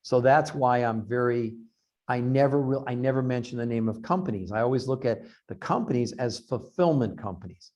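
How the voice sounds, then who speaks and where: A man's voice: mid-range voice, brisk. A man who researches health, telling long anecdotes in an interview over a video call, acting out quoted lines. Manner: animated anecdotes with acted-out quotes. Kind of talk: storytelling in an interview.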